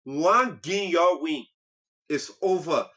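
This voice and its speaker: Slow-paced and slightly high-voiced, a Liberian man delivers a laid-back comic monologue as a talk show host. Animated throughout, he teases and laughs at his own jokes.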